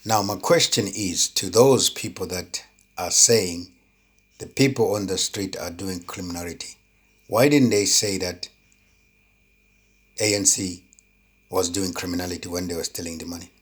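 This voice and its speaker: A man's voice: low voice, moderate pace, pauses often, husky. A man giving an impassioned opinion monologue, indignant and full of rhetorical questions, stumbling over repeated words when heated. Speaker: political commentator.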